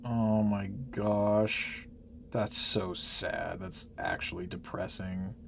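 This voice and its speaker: A man's voice: sits low, fairly even intonation, slow, vocal fry, noisy background. A man giving casual, exasperated commentary while playing a game, swearing and laughing as he rants. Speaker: gaming channel host.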